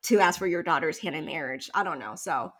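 A woman's voice: low-pitched, brisk. Chatty woman telling a story. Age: 30s. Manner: animated storytelling, many likes and you-knows. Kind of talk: casual chat.

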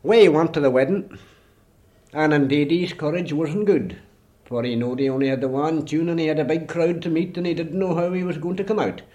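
A man's voice: a little high, fairly quick, warm tone. Donegal man telling a folktale. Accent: Irish (Donegal). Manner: rambling, repetitive "he says". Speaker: traditional storyteller. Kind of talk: folk storytelling.

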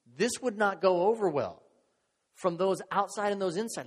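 Conversational preacher, slightly high voice. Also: male voice, moderate pace. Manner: conversational, animated, acts out quoted voices. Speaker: pastor. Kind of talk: sermon. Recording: long reverb of a large hall.

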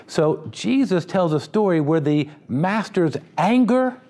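A man's voice: sits high, expressive, slow, few pauses, dark tone. A man preaching a sermon in a conversational, humorous style, with asides to the congregation. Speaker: pastor.

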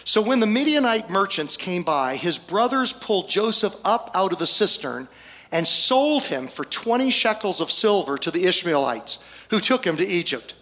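A male pastor preaching a storytelling sermon, folksy, with humorous asides and pauses for effect. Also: high-pitched, very animated, fairly bright tone.

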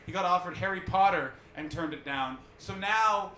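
High-voiced comic, animated and profane. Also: male voice, a little hiss or hum. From Canada. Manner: rapid, profane, animated crowd work. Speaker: stand-up comedian. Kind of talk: stand-up comedy set. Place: small comedy venue, indoors. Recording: echoey comedy club.

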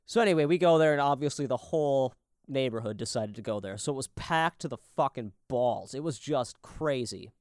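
A man from Minnesota co-hosting a casual podcast, telling stories with animated delivery and acting out the people in them. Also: mid-range voice, fairly quick, no echo, studio quality. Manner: animated storytelling, acting out quoted voices. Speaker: podcast co-host.

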